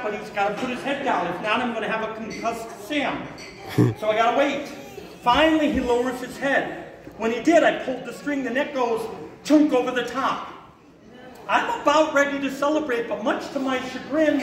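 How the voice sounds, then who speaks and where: A man giving a live talk as a raptor handler to an audience, an animated storyteller who acts out the voices and shouts in his story. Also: very high-pitched. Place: hotel event room with an audience. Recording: echoey hall, far from the mic, crowd audible.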